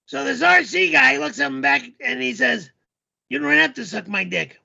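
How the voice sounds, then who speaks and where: Casting: a man doing a shrill, gravelly, bright, yelling male storyteller character, crude and rambling, dull lo-fi stream audio. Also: normal speed, full character voice.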